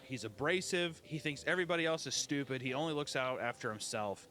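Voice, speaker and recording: A man's voice: on the high side, fairly bright tone, a little hiss or hum. A man giving a casual spoken review of a show, loose and profane, with lots of filler words.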